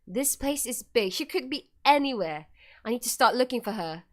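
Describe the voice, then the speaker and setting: Bubbly high-voiced woman streamer. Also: animated, normal speed. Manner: playful, chatty asides, giggles, tries a British accent. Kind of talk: reading a horror visual novel aloud with commentary.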